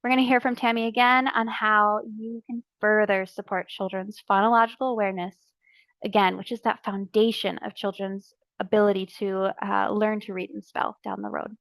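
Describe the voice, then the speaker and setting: A woman's voice: mid-range voice, level tone, fairly bright tone, no echo. Woman explaining phonics step by step. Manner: clear, deliberate, explaining step by step. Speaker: early childhood educator presenting a training session. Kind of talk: instructional narration.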